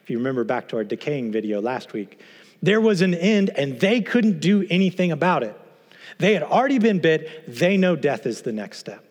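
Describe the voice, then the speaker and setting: A man's voice: fairly high pitch, very animated, normal speed. Earnest male Bible teacher in reverberant hall. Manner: earnest, rhetorical questions, emphatic.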